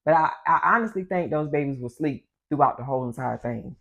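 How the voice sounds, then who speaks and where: A woman vlogger telling a personal story in a casual, animated way, talking straight to her viewers. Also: low-pitched, brisk, dull audio. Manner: animated, addresses the audience as y'all.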